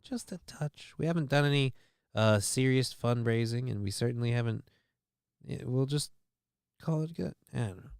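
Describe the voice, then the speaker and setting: A man's voice: mid-range voice, normal speed, darkish tone, clean tone, no echo, clean studio sound. A man hosting a livestream show, chatting casually with a profane, sarcastic, rambling manner.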